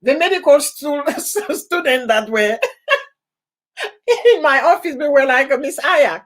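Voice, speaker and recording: Woman, high voice, unhurried talk, frequent hearty laughter, casual live-stream chat. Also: sing-song. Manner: laughs often and heartily while talking; repeats goodbyes and thank-yous warmly. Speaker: vlogger hosting a live stream.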